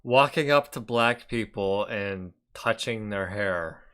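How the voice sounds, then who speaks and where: A man's voice: on the low side, slow pace, a bit bright, clear, resonant tone. A man casually reacting to a clip, sarcastic and chatty, often laughing and swearing. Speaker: commentary video host.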